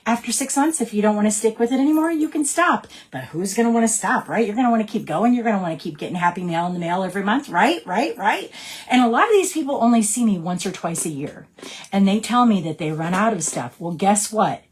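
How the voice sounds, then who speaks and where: A woman's voice: mid-range voice, animated, quick pace. A woman, a direct sales team leader giving her team an upbeat, chatty training talk. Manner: upbeat and chatty, keeps checking in with "right?".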